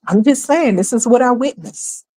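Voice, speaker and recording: A woman's voice: on the high side, expressive, normal speed, mellow. A woman from New York hosting a livestream, delivering emphatic, sarcastic, opinionated commentary full of rhetorical questions. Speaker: livestream host.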